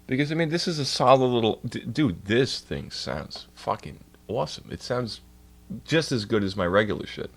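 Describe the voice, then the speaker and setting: A man's voice: medium pitch, sing-song, moderate pace, gravelly. A young man streaming casually, ranting in exasperated, profanity-heavy bursts. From New York. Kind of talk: casual livestream rant.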